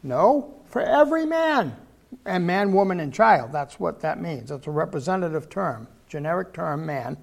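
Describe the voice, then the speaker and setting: A man's voice: on the high side, very animated, normal speed, gravelly. An older man preaching a sermon, telling folksy stories and repeating words for emphasis.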